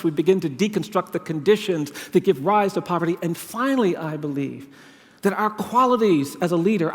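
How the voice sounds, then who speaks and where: A man delivers a storytelling keynote from a large conference hall, and his words ring out with a long reverb. His voice sits fairly high for a man, and he builds each point through measured, repeated phrases. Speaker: keynote speaker at a leadership conference.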